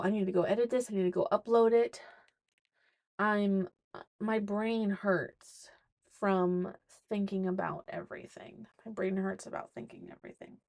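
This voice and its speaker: A woman hosting a solo podcast from inside a small closet, talking in an excitable, rambling way with many restarts. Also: medium pitch, no echo, clean studio sound. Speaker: podcast host.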